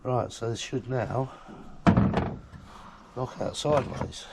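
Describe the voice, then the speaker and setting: A man with a hoarse, croaky throat hosting a casual repair video, explaining the job in a laid-back way with lots of fillers. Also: mid-range voice, takes it slowly. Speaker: host doing vehicle repairs. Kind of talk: casual how-to narration. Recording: loud background noise with clicks.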